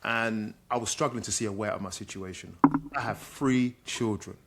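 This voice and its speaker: A man's voice: on the low side, steady tone, normal speed, creaky, very noisy. A middle-aged man, a guest, candidly telling a personal story in a reflective way. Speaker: guest, social worker.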